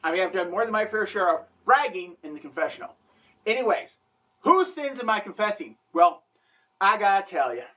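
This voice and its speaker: A woman's voice: mid-range voice, fairly bright tone. Irreverent wisecracking woman comedian. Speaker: comedic satirist. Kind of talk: satirical comedy monologue.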